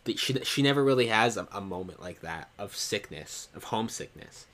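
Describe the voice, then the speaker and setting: A man's voice: on the low side, expressive, a little fast, fairly bright tone. A man co-hosting a casual podcast chat, making thoughtful, wry remarks. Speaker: podcast co-host.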